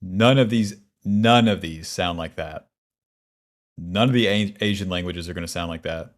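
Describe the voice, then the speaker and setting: A man talks loosely through a gaming stream, his voice sitting on the lower side. He swears a lot and grumbles with dry humor. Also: moderate pace. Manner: profane, wry, grumbling. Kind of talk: casual gaming stream chat.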